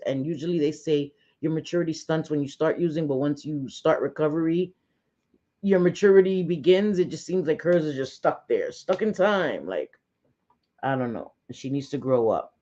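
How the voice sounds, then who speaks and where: A woman's voice: low voice, warm tone. A middle-aged woman from New York with a New York accent, hosting a casual livestream chat in a blunt, chatty way and cursing freely. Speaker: livestream host. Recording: slightly dull lo-fi sound.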